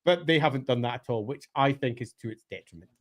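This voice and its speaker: A man talking emphatically in a casual podcast discussion, his pitch swinging up and down as he makes his points. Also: fast. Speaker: co-host of a lore podcast.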